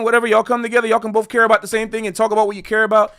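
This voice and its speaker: Earnest, rambling man with high voice. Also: monotone, rapid-fire, fairly bright tone, smooth. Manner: earnest, rambling, repeats himself. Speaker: streamer and jazz educator. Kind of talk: casual livestream monologue.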